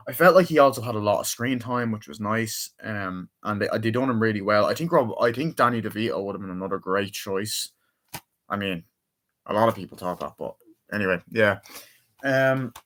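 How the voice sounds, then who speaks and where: A man's voice: on the low side, fairly bright tone. A young man chatting casually through a movie review, rambling and swearing freely as he retells favorite scenes.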